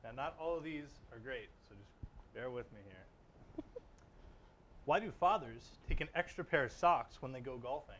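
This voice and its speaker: A man's voice: mid-range voice, animated, a little slow, pauses often, a bit bright, slight background noise. A young man hosting a student TV segment, telling dad jokes and pleading for laughs after each one. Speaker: student TV host. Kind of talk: playful group challenge chat, telling dad jokes.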